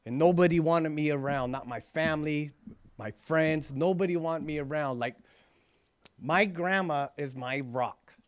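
A man's voice: on the high side, a little slow. A man in his forties giving an earnest, emphatic recovery testimony, often checking in with "right?". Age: 40s. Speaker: recovering alcoholic sharing his story.

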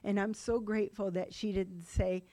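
A woman's voice: mid-range voice, little pitch movement, moderate pace, mellow. Rambling woman telling her recovery story. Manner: rambling, run-on storytelling with frequent laughs and asides. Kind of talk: personal testimony talk.

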